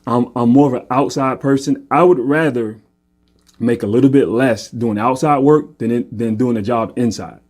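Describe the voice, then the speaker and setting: A man's voice: medium pitch, moderate pace, a little mellow. A man casually telling a personal faith story, earnest and often repeating himself, checking in with "right?". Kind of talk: casual testimony monologue.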